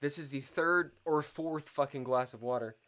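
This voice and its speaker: A man's voice: on the high side, moderate pace, a bit bright. A man streaming a live chess game, muttering and swearing in frustration at his own moves, complaining of a dry mouth.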